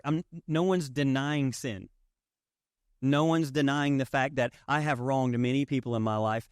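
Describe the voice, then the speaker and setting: A man's voice: mid-range voice, no room sound, studio quality. A man preaching a sermon as pastor, conversational and emphatic, with rhetorical questions to the congregation. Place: church sanctuary.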